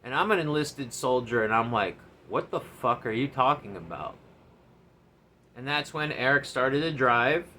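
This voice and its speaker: Bright-voiced man telling a profane story. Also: mid-range voice, slight background noise. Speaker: former enlisted soldier telling a story. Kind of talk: casual storytelling monologue.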